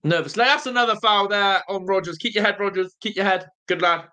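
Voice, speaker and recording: A young man hosting a live football watch-along, nervous and excitable, groaning low one moment and shouting with joy the next. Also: a little fast. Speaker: fan watch-along host.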